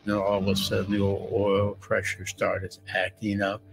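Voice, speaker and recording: An elderly man in his nineties recounts his wartime experiences in a vivid, plain-spoken style. His voice is gravelly and lowish, and soft music plays beneath it. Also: completely flat delivery, moderate pace, low-quality recording. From United States. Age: 90s. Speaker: war veteran interviewee. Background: background music.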